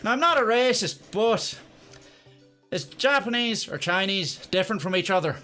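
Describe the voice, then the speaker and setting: A man's voice: lively intonation, moderate pace, soft background music. A man voicing a blunt, drunk butch woman in a pub with a put-on Northern Irish accent and a harsh voice. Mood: brash. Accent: Northern Irish (attempted). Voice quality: harsh, high and loud.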